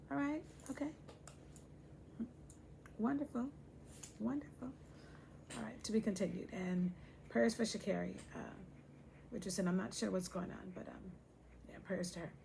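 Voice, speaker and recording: Woman, casual host talk, playful, gravelly fry, faint background noise. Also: a little high, a little mellow. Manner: chatty, playful, addresses viewers directly.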